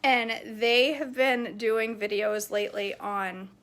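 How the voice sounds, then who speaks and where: A talkative woman in her forties walks through her shopping haul in a casual, rambling way. Her voice is bright and a little high. She laughs easily and drifts into side stories. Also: fairly even intonation, takes it slowly. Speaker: vlogger showing grocery haul. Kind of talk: casual chat.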